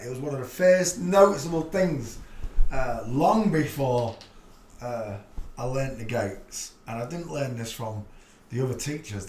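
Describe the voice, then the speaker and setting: Over a little hiss or hum and a roomy echo, a mid-range male voice hosts a livestream. He gives casual commentary in a chatty, rambling, blunt manner and laughs at his own jokes.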